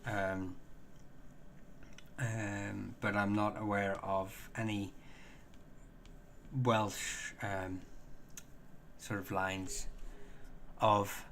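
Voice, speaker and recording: A man hosting a casual live stream, answering viewer questions in a halting way, full of ums and restarts, chatty and self-deprecating. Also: on the low side, level tone, fairly bright tone, a little hiss or hum.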